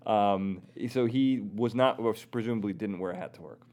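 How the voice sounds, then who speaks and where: A woman podcast host in a casual interview, curious and quick to react with exclamations and jokes. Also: a bass voice, a little mellow.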